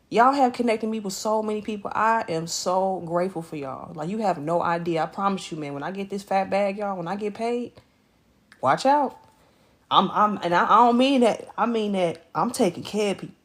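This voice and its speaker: A woman streaming live from her bed at home, greeting viewers by name in animated, slangy casual chat. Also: medium pitch.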